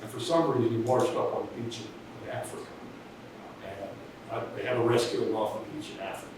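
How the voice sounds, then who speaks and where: Man, casual storyteller, rambling delivery; distant mic in a very echoey space with clear background noise. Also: mid-range voice, brisk. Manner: rambling, restarts, chuckles at his own story. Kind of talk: casual anecdote.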